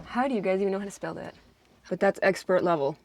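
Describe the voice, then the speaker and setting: A young American woman talks with her sibling in a casual farm vlog. Her manner is chatty and playful, and she laughs easily. Her voice sits at a middle pitch. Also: quick pace, a little mellow, dry recording. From United States. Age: young adult. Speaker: farm vlogger. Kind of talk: casual chat.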